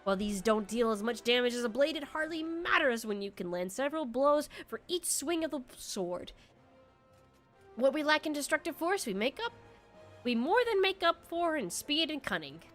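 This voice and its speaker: A woman voicing a gruff male guildmaster as she reads game dialogue aloud on a stream, pushing her voice down to sound rougher. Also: high-pitched, sing-song, normal speed, a bit bright, soft background music. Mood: instructive. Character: gruff male guildmaster, brusque then welcoming.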